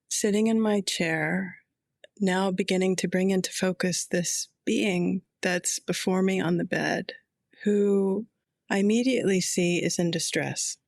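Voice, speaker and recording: A middle-aged woman chaplain recounting a personal story in a slow, reflective, quietly intense way. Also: medium pitch, creaky, no echo, clean studio sound.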